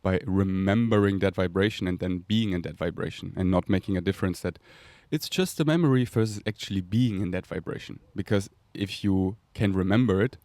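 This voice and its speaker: A man with a German accent and a low, slightly mellow voice talks a little fast with few pauses, with no room sound in the recording. Hosting his podcast, he rambles dreamily about spiritual things, laughs frequently and makes breathy whooshing noises.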